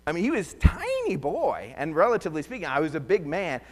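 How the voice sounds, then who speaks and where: A man's voice: on the high side, fast talker, in a large hall. A man preaching a conversational sermon, telling stories with humor and animation. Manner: animated, joking storyteller. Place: church.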